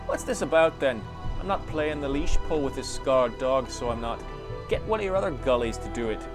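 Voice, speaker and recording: A man voicing a sharp-tongued young female thief in a game reading, with a put-on folksy dialect. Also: fairly high pitch, normal speed, over music, voice pushed up, natural voice. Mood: scornful.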